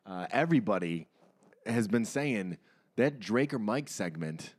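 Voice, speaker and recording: A man's voice: on the low side, lively intonation, unhurried, slightly rough. A young man co-hosting a podcast, chatting in a crude, joking way. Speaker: podcast co-host. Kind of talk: casual comedic chat.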